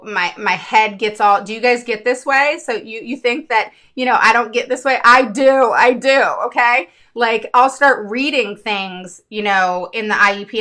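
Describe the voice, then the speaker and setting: Middle-aged woman host, crisp bright tone, open and emotional, chatty direct-to-viewer vlog talk. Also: mid-range voice. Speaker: parent advocate, show host.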